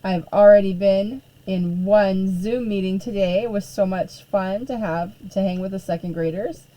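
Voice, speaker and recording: A middle-aged woman art teacher chatting casually on a live stream, hoarse and losing her voice, filling pauses with ums and clearing her throat often. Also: medium pitch, dark tone, rough recording.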